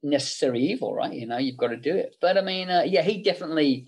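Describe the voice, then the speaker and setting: A man's voice: a little high, animated, fast, breathy edge. A middle-aged man, a makeup effects artist, chatting casually in an interview and telling anecdotes with many fillers.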